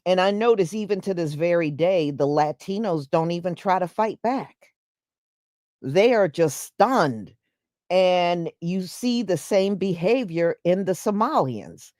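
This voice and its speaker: A woman on a livestream, speaking slowly in a low register with her pitch swinging widely. She hammers her points home and repeats herself for emphasis. The sound is dry and close. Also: lively intonation, a little mellow, dry recording. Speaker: livestream host. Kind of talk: live commentary to viewers.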